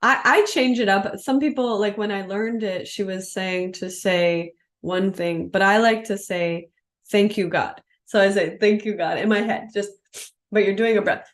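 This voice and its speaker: A woman's voice: medium pitch, steady tone, normal speed. Woman yoga teacher, live online class, casual and explanatory, demonstrating as she goes.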